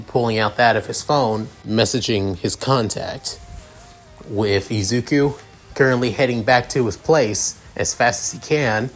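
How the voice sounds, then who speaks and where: A young man improvising a fan story aloud, rambling and restarting his sentences often. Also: mid-range voice.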